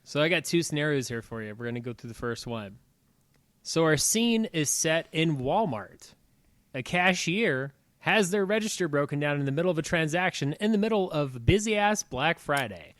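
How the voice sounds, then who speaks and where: Podcast guy running the game, kinda high voice, laughs a lot, swears, dry sound. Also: animated, normal speed, fairly bright tone, no echo. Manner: laughing, profane storytelling. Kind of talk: casual chat.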